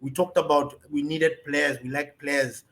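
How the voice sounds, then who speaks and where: A man's voice: a little high, little pitch movement, measured pace, a bit bright. A man co-hosting a football podcast, emphatic and blunt in casual chat. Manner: emphatic, blunt, says "bro". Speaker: podcast co-host.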